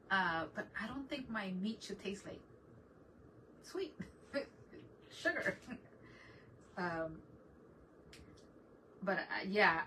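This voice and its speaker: A woman's voice: mid-range voice, sharp tone. A middle-aged woman hosting a casual DIY craft livestream, chatting with viewers and laughing often as she works. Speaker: DIY craft channel host. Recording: voice a bit far from the mic, faint background noise.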